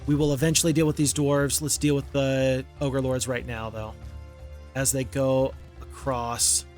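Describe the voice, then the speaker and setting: A man's voice: mid-range voice, little pitch movement, measured pace, darkish tone, soft background music. A man giving casual gameplay commentary as a channel host, thinking aloud, counting under his breath and criticizing his own moves.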